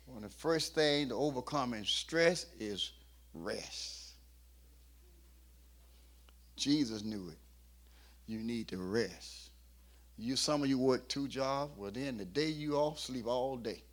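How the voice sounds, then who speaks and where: A middle-aged pastor preaching a sermon, rising from quiet talk to shouting and acting out the voices in his stories. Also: mid-range voice, takes it slowly, long pauses.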